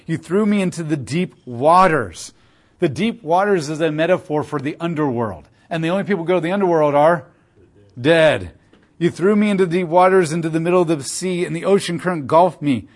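A man teaching through a Bible passage in a sermon style, reading verses aloud and breaking in with casual, emphatic commentary. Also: fairly high pitch.

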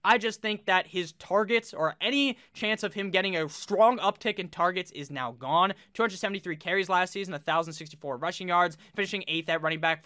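A man's voice: a little high, pushed and bright, clear, resonant tone, no room sound, studio quality. A man giving casual fantasy football commentary, talking bluntly, swearing freely and rattling off statistics.

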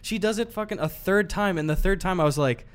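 A man's voice: high voice, brisk, clean tone. A young man co-hosting a podcast, telling a story in casual chat, swearing freely and acting out both sides. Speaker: podcast co-host.

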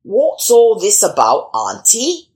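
A woman's voice: medium pitch, wildly swooping pitch, slow pace, darkish tone. A woman voicing a kindly, polite country squire in a storybook reading. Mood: puzzled. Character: kindly country squire, middle-aged man.

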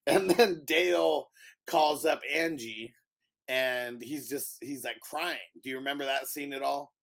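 A man co-hosting a podcast, casually retelling movie scenes in an animated way with frequent laughter. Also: medium pitch, measured pace, gravelly. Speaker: podcast co-host. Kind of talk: casual movie review chat.

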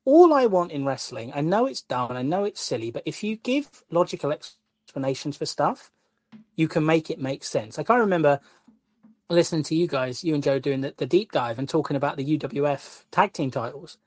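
A man, a guest co-host and wrestling columnist, ranting in an animated, exasperated way during casual podcast chat. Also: a little high, brisk, no echo.

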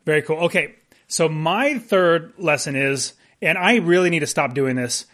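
A man's voice: a little high, expressive, normal speed, fairly bright tone. A man co-hosting a casual podcast chat, rambling with restarts and laughing often. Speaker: podcast co-host.

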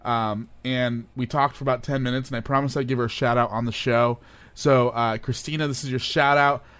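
A young man co-hosting a podcast, telling a story in casual chat, animated and often breaking into laughter. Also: mid-range voice, brisk, smooth, no echo. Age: young adult. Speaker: podcast co-host.

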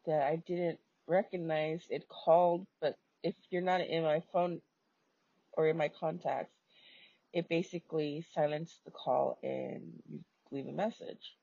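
A woman tells her own story at an unhurried pace, in a dark, gravelly voice with a husky edge. Her talk is casual and peppered with swearing and fillers. The recording sounds dull and lo-fi. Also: fairly low pitch, fairly even intonation, dry recording. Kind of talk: casual personal story telling.

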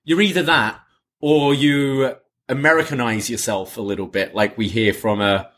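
A man's voice: mid-range voice, steady tone, normal speed. A British man co-hosting a wrestling podcast, chatting casually and now and then mimicking wrestlers. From Britain. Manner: mimics wrestlers in loud put-on voices. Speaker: podcast co-host. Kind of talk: casual chat.

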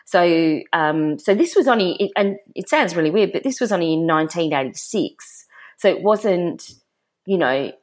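A woman's voice: on the low side, animated, moderate pace. Middle-aged aussie woman yarning away in an interview, lots of ums and restarts. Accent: Australian. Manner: chatty with frequent fillers and restarts. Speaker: interview guest. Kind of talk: storytelling in casual conversation.

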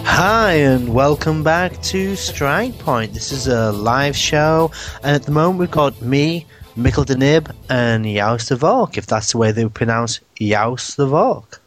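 A man's voice: mid-range voice, expressive, unhurried, few pauses, soft background music. A man hosting a live radio show, joking and rambling with swearing and laughs. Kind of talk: casual live radio banter.

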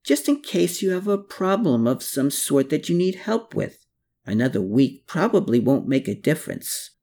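A man's voice: fairly high pitch, sing-song, moderate pace, warm tone, pitched above the performer's own voice. A narrator voicing a cheerful, roguish male dealer in an audiobook, jovial and theatrical. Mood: shocked, hushed. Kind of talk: audiobook character voice.

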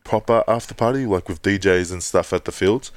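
A man's voice: low voice, a little fast, no room sound. A man co-hosting a podcast, telling swearing-laced stories in casual chat and mimicking the people he quotes. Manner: swearing, animated storytelling with put-on quotes. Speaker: podcast co-host.

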